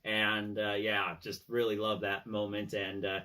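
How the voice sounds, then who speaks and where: Low-voiced rambling man talking fan movies. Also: completely flat delivery, measured pace, pushed and bright. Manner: rambling, with many fillers and "he's all like" retellings. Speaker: fan film commentator. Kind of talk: casual fan movie discussion.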